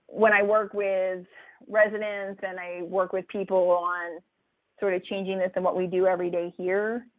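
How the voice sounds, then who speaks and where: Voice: medium pitch, no room sound. Doctor talking over a tinny phone line. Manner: conversational, many fillers and restarts. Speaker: physician who teaches residents. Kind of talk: casual reflective talk.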